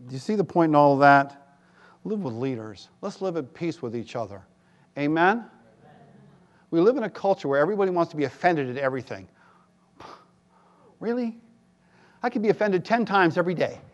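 A man preaching a sermon as pastor, animated, jumping to loud, high quoted voices and dropping into wry asides. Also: brisk, long pauses, lo-fi sound. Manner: animated, rises to shouts for quoted voices, self-deprecating asides. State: tired.

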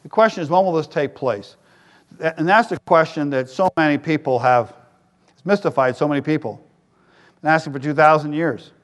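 A middle-aged man preaching in a loose, joking sermon voice that sits fairly high. He talks to the congregation like a friend, then rises to loud emphatic peaks. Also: brisk. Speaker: pastor.

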